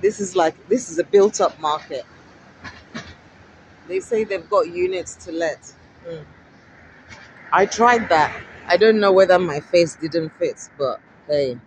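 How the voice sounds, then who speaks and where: A woman from Africa chatting to camera while she walks outdoors along a busy street. She repeats herself a lot, asks her viewers many rhetorical questions and gets excitable. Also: lowish voice, a little slow, long pauses, a little hiss or hum, rough recording. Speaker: vlogger. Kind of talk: casual walking vlog to camera.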